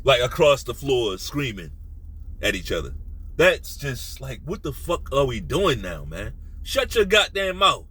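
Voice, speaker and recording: A man hosting a sports talk video, ranting bluntly and profanely, sometimes dropping to a low menacing voice. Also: very animated, unhurried, a bit bright, husky, poor audio. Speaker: sports commentary host. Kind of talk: casual opinion rant.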